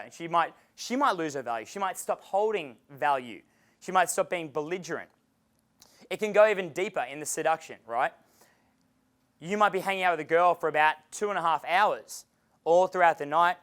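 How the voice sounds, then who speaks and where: This man's voice sits on the high side and sounds clear and resonant. Coaching a live dating seminar in a seminar room, he talks energetically, swears freely, and acts out quotes.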